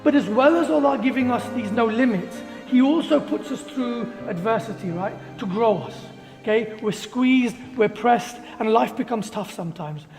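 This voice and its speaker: High-voiced man giving a rousing talk. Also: normal speed. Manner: emphatic, fires rhetorical questions. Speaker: motivational speaker. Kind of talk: motivational talk to a group. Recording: echoey hall with faint music.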